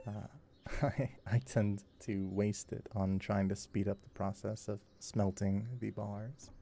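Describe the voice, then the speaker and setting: Man, low and gravelly, slow soft sleep-time gameplay commentary, very mellow. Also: level tone, slight background noise.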